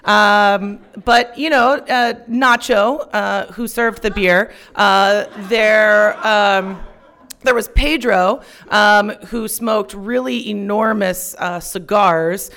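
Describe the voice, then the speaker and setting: On stage, a young woman tells a personal story full of profanity and self-mockery, shouting out her punchlines. She speaks slowly at a medium pitch.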